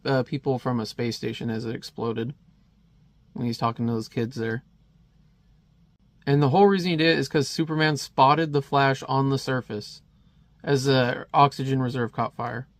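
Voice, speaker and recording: A man's voice: medium pitch, normal speed, no echo. A man casually talking through a comic in a rambling review, chuckling at the panels.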